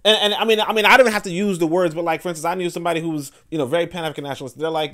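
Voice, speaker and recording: A man with a high, fairly bright voice races through a podcast monologue with hardly any pauses. As host, he rambles loosely with fillers and restarts, acting out other people's words in quoted asides as casual commentary.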